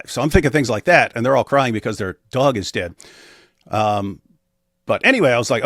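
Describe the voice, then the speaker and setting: Guy on an interview telling his story, kinda halting and blunt, dry close sound. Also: medium pitch, lively intonation, fairly bright tone, no room sound. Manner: halting, frequent restarts, matter-of-fact. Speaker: interview guest. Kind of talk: casual storytelling in conversation.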